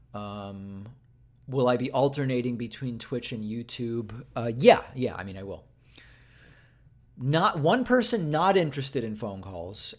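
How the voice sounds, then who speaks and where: Guy hosting a political show livestream, chatty and loose, lots of ums and restarts as he thinks out loud. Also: mid-range voice. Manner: conversational, thinking aloud with many fillers and restarts. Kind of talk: casual livestream chat with viewers.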